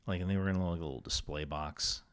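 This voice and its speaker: A man with a stuffy nose, a podcast guest in casual conversation, telling animated anecdotes with big swings in his voice. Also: deep voice, fast, no room sound.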